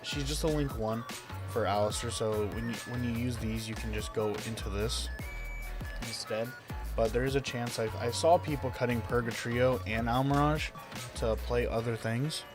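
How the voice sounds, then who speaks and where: A young man in casual, rambling commentary, enthusing about his picks with plenty of ums and you-knows. His voice sits at an ordinary middle pitch. Music plays clearly underneath him. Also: steady tone, normal speed. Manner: enthusiastic, rambling, frequent fillers and laughs. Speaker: YouTube card game deck reviewer. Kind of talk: casual deck profile commentary.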